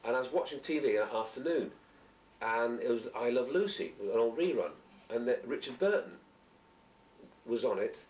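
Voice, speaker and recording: A man's voice: mid-range voice, expressive, normal speed, darkish tone. A middle-aged man, an actor, chatting as an interview guest and telling long rambling anecdotes. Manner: rambling anecdotes, acts out quoted voices. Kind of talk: casual chat. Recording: roomy distant amateur recording.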